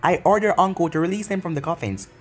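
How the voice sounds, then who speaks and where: A man's voice: on the high side, fast, soft background music, lightly acted. A man reading as a blunt woman adviser. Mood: earnest.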